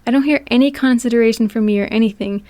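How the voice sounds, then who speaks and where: A woman reading out the lines of a frustrated actress complaining to her husband, slightly higher and louder. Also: very fast, dry recording, close to an everyday voice. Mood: exasperated. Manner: complaining, exasperated.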